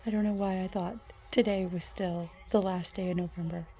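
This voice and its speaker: Soft-spoken, gravelly woman vlogger. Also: fairly low pitch, steady tone, moderate pace. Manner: soft-spoken, often half-whispering, chatty. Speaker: book vlogger. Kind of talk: casual vlog chat.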